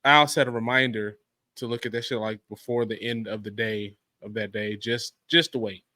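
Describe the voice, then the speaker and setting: A man co-hosting a casual podcast who tells his stories in an easy, unhurried way. His voice has a bright, tense edge, and it is recorded close and dry. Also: on the low side, fairly even intonation, no echo. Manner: laid-back storytelling, frequent agreeing murmurs. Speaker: podcast co-host. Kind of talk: casual chat.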